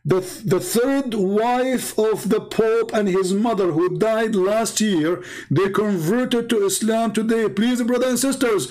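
A man putting on a mocking impression of an excitable male chat-room admin who gloats and shouts. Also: fairly quick, hardly any pauses, low-quality recording. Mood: gleeful shouting. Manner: shrill, exaggerated mocking impression.

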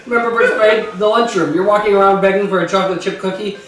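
High-voiced man in an echoey room. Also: steady tone, quick pace, a bit bright. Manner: theatrical, coughing from spice. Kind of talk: comic monologue during a hot sauce challenge. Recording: echoey room, distant mic, faint music.

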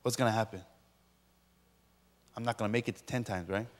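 A man's voice: on the low side, steady tone, brisk. Bantering pastor man in a big hall. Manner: playful, bantering with the audience. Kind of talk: sermon. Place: large lecture hall.

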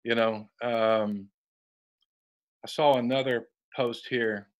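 A man co-hosting a talk show, reading viewer comments in a slow, measured way. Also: mid-range voice, fairly even intonation, lo-fi sound.

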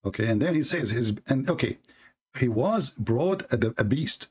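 A man hosting a religious debate show, speaking in a sarcastic, mocking way and reading texts aloud slowly. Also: expressive, breathy edge. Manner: sarcastic, reads texts aloud slowly, mimics opponents in a high voice.

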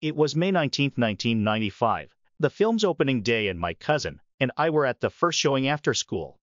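A man's voice: mid-range voice, big pitch swings, brisk, no room sound, dull audio. A man in his forties opens a sermon with a reflective personal story. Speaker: preacher.

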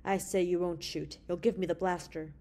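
Woman doing a calm male space hero, measured and steady, mellow voice. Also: lowish voice, close to an everyday voice.

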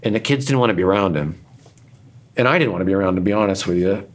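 A man's voice: low-pitched, rapid-fire. A man being interviewed, telling candid personal stories in an earnest, self-deprecating, rambling way, emotional at times. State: emotional, choked up in places. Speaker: interview guest, author and radio host.

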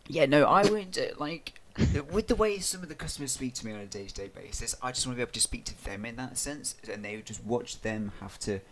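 Rambling man with a lively voice. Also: mid-range voice, quick pace, hardly any pauses, a little hiss or hum. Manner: rambling, self-deprecating, lively delivery. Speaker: podcast co-host. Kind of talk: casual chat.

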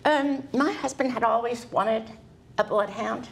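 A woman's voice: fairly high pitch, unhurried, creaky, slight background noise. A woman guest on a talk show, answering briefly and hesitantly with fillers. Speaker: guest dog owner. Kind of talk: casual interview answers.

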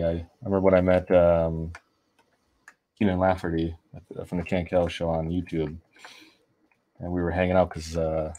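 A man's voice: low-pitched, a little mellow. A man telling a long, rambling anecdote in casual chat while he colors artwork, often restarting his sentences. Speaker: artist streaming a coloring session. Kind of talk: casual storytelling while drawing.

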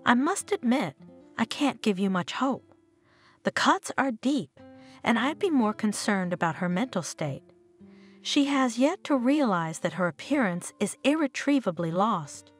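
A calm, frank hospital doctor giving hard news plainly, as a woman narrator reads him. The voice stays husky and fairly high, rising and falling a lot. Soft music sits under the storybook telling. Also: measured pace. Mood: grave. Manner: calm, matter-of-fact.

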